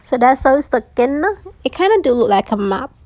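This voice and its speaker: A woman's voice: high-pitched, animated, brisk, mellow, no room sound. A woman hosting a DIY craft tutorial, chatting casually and saying she is losing her voice. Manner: chatty, uses "like" and "so yeah". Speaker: DIY crafts channel host.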